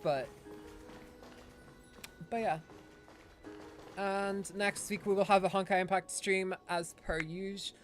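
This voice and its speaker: A man's voice: high-pitched, fairly even intonation, slow, long pauses, soft background music. A man from Ireland, chatting casually and rambling as he streams a game, swearing and laughing often. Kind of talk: casual livestream chat.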